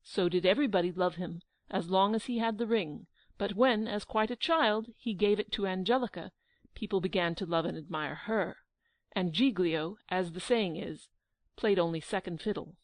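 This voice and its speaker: A woman narrating a children's audiobook in a lively storytelling manner. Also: medium pitch, moderate pace, no room sound. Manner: lively storytelling, acting out the quotes.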